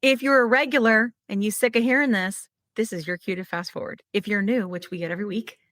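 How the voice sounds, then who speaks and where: A woman's voice: mid-range voice, fairly even intonation, quick pace, a bit bright, dry recording, studio quality. A woman hosting a podcast in a chatty, upbeat way, with frequent fillers. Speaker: podcast host. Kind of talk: casual podcast chat.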